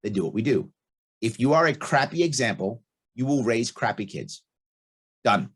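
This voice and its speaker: A man's voice: mid-range voice, very animated, normal speed, slightly rough. A middle-aged man speaking as a guest in a casual podcast interview, blunt and emphatic, repeating his key points. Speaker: podcast guest, libertarian candidate.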